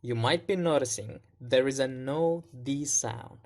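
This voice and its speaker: A male English pronunciation teacher recording an online lesson. He speaks slowly and deliberately in a mid-range voice, repeating each sound several times to demonstrate it. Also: mid-range voice, darkish tone.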